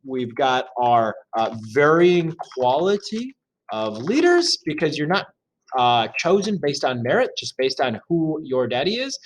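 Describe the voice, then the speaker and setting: Man teaching a lesson, somewhat high voice, lively pitch, chatty, jokey asides, lots of fillers. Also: unhurried. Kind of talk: reading and explaining a lesson.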